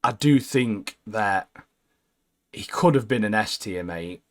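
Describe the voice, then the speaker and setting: A young man co-hosting a casual gaming chat, blunt and opinionated, ending phrases with "mate" and dropping low. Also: expressive, takes it slowly. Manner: blunt, says "mate" constantly, trails off low at line ends. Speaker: co-host.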